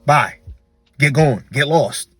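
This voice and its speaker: A man's voice: medium pitch, slow, a bit bright, slightly rough, no echo, faint music behind. A man giving blunt, slangy reaction commentary on dating as a coach, repeating words for emphasis.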